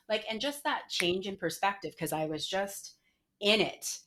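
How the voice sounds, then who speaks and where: A woman's voice: mid-range voice, normal speed, a bit bright. Woman guest telling her story candidly. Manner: frequent "like" fillers, emotional retelling. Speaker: podcast guest, entrepreneur.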